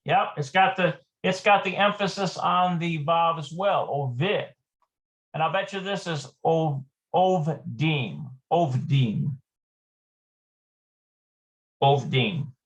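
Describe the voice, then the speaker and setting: Gravelly man talking through a lesson. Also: a little high, a bit bright. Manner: thinks aloud, repeats words slowly. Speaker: language teacher. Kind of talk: casual lesson walkthrough.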